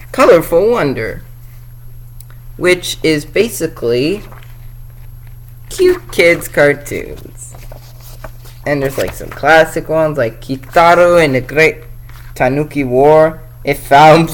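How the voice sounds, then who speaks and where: A male vlogger chatting casually about comics, excitable and jokey, rambling from one thought to the next. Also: a little high, slight background noise, rough recording. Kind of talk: casual review chat.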